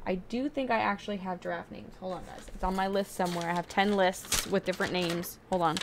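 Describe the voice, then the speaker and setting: Excitable young woman narrating gameplay. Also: lowish voice, noisy background. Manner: chatty and excitable, quick to get frustrated. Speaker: video game streamer. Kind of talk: casual gameplay commentary.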